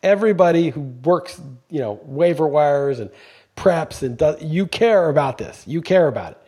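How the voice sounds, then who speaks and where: Emphatic, foul-mouthed podcast co-host; a man with a husky, slightly high voice. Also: expressive, moderate pace, dark tone. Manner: emphatic, swears freely when ranting. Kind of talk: casual podcast chat.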